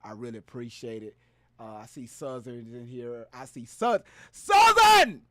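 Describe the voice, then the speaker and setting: A man hosting a casual live stream, loud and playful, hyping up his viewers and greeting them by name. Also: medium pitch, level tone, normal speed, dry recording, studio quality.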